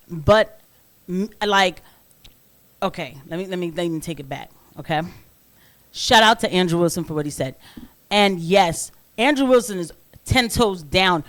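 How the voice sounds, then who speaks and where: A young woman hosts a reaction commentary in a chatty, slangy way, often breaking into laughter. Her voice sits at a middle pitch, neither high nor low. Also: a bit bright. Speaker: commentary host.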